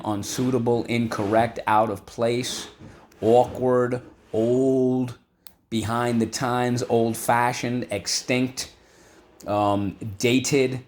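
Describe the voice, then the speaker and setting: A man teaching a vocabulary lesson from home, repeating words slowly for students to echo. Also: medium pitch, a little hiss or hum. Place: home room.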